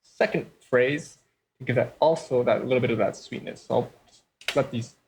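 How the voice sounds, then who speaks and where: A man's voice: mid-range voice, normal speed, vocal fry, a little mellow, faint music behind, low-quality recording. A man hosting a let's-play, giving casual commentary and explaining his design choices step by step.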